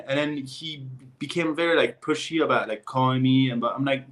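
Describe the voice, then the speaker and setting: A young man with a French accent chats as a guest, blunt and unfiltered. He tells his stories with lively swings in his voice, hedging with "like" and "uh" along the way. His voice sits at an ordinary middle pitch. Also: normal speed. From France. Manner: blunt, profane, animated storytelling with many fillers. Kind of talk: candid casual chat.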